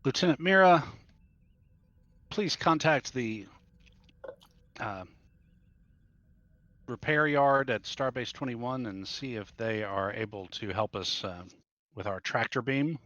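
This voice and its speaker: A man's voice: mid-range voice, takes it slowly, pauses often, a bit bright, dry recording, dull audio. A man playing a starship captain in a tabletop role-play game, giving orders with many hesitations.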